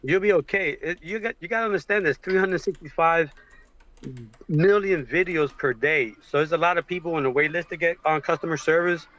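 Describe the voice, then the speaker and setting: A man on a livestream video call, talking in a halting, emotional way with many fillers. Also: a little high, fairly bright tone, dull audio. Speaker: guest on a livestream. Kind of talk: casual supportive chat. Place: home with a train passing outside.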